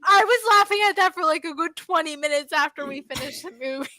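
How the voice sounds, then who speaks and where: A woman's voice: high-pitched, quick pace, crowd noise. A young woman hosting a livestream, chatting casually, laughing a lot and swearing freely. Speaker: livestream host. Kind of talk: casual chat.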